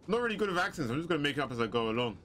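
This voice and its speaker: Excitable man doing gameplay commentary. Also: fairly high pitch, rapid-fire, slight background noise. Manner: chatty, excitable, joking asides. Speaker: gaming commentator. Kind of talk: casual let's-play commentary.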